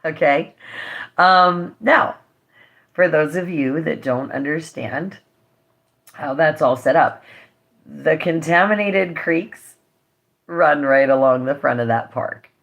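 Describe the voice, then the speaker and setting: A woman's voice: low voice, slow pace, gravelly, pauses often, fairly bright tone, dull audio. A woman vlogger talking straight to her viewers, earnest and impassioned, emotional and holding back tears. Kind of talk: direct-to-camera vlog update.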